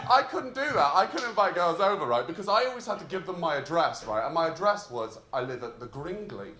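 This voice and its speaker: Posh, loud young man doing stand-up. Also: sits high, big pitch swings, a little fast. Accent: Yorkshire. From North Yorkshire, England. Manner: rambling, self-mocking, with lots of fillers. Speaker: stand-up comedian. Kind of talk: stand-up set. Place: comedy club stage. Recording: roomy live club sound with crowd.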